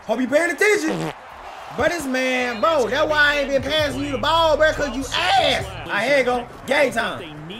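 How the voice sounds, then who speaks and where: A male gaming host reacting to a football video game with loud, hyped shouting and slangy trash talk, his voice strained from yelling. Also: extremely high pitch, lively intonation, moderate pace, crowd noise. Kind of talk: excited game-playing commentary.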